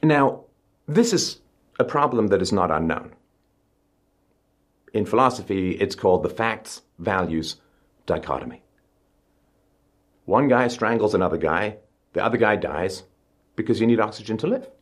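A middle-aged man giving an emphatic public speech, pushing his pitch up on stressed words. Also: lively intonation, normal speed, long pauses. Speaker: speaker.

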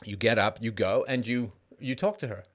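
A man's voice: medium pitch, moderate pace. A man hosting a livestream, talking casually and acting out the people in his stories. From Canada. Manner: animated storytelling, acts out quoted people. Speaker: livestream host. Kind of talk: casual monologue.

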